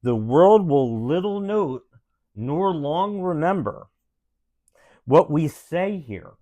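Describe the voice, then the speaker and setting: A solemn 1860s statesman , as a parent puts him on for the kids delivers a speech at a crawling, deliberate pace. The pitch still rises and falls with feeling. The sound is dry and close, like a quiet room at home. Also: expressive, no room sound. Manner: slow, grave, with drawn-out pauses. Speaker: parent reading aloud to children. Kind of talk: dramatic reading of a famous speech.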